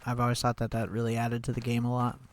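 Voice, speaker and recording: A man streaming a game talks it through in a relaxed, chatty way, thinking aloud and dropping wry, sarcastic asides. His voice sits at an ordinary mid pitch. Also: fast. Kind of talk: casual gameplay commentary.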